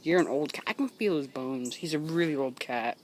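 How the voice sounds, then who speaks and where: In a casual home video shot on a handheld phone, a woman with a low voice and lively intonation talks to her cats at a normal speed. Still sleepy from waking up, she coos at them playfully and giggles often, and background noise is clearly audible.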